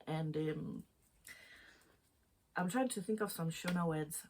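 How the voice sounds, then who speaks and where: A lower-pitched woman in a relaxed podcast chat, talking in a loose, rambling way and breaking into laughs. There is a faint hiss of noise behind her voice. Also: slow, pauses often. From Zimbabwe. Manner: chatty, laughs easily, rambling. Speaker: podcast co-host. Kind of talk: casual chat.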